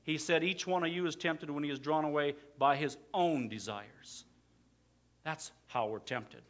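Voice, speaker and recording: A man's voice: on the high side, a little slow, lo-fi sound. Emphatic man preaching a sermon. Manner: preaching, swings from quiet asides to loud emphatic declarations. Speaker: pastor.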